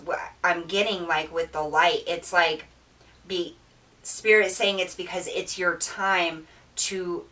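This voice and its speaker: Woman tarot reader, emotional and earnest, lowish voice, repeats herself. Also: bright, forceful tone, far from the mic, low-quality recording. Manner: earnest, repetitive, with many fillers and restarts. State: emotional, near tears. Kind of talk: spiritual tarot reading monologue.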